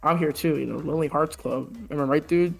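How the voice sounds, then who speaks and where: A woman's voice: sits low, a little fast, vocal fry, a little mellow. A woman playing an awkward flirting minotaur guy. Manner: awkward bumbling pickup talk, filler-heavy. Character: flirty clumsy male minotaur bar patron.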